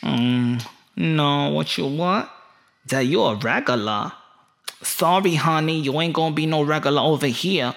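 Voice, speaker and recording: A man putting on a sassy, demanding wife with a Puerto Rican accent, scolding in a mocking tone. The voice sits a little higher than a plain male voice. It is a comic vlog bit. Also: a little slow, gravelly, a bit bright.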